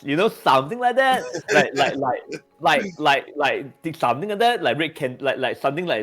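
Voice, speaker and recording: A man talks loosely in an online voice chat, stumbling over his words and repeating himself as he works toward a point. His pitch sits in an ordinary middle range. Soft music runs quietly underneath. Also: big pitch swings, fairly quick. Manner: stammering, many repeated words and fillers. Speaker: community member. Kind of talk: casual voice-chat discussion.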